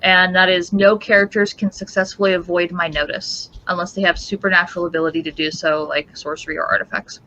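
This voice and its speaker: A woman's voice: lowish voice, steady tone, brisk, hardly any pauses, sharp tone. A woman as a player in a tabletop role-playing game, stating her actions matter-of-factly. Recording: dull lo-fi mic with faint hiss.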